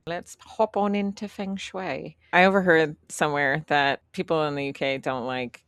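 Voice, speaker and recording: A woman's voice: low-pitched, a bit bright, no echo, studio quality. A young American woman co-hosting a podcast, chatting casually with lots of laughter and rambling stories. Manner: giggly, rambling storyteller. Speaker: podcast co-host. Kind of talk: casual chat.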